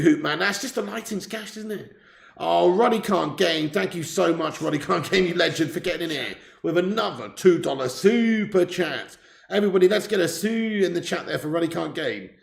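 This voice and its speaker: Gravelly, jokey male streamer. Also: fairly high pitch, roomy sound. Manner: jokey, laughing, swearing banter. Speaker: livestream host of a football watch-along. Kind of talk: casual livestream chat reading viewer messages. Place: temporary setup on a trip in Spain.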